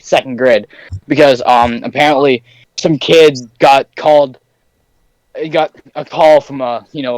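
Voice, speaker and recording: High-voiced teenage boy telling stories. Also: dry recording, low-quality recording. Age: teens. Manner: animated, acts out voices in his stories. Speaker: podcast host. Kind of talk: casual podcast storytelling.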